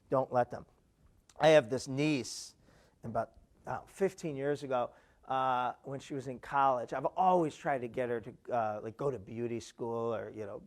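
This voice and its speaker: Animated male keynote speaker. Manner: animated, repeats "right?" to engage the audience; acts out quoted voices with big pitch jumps. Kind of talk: live keynote talk.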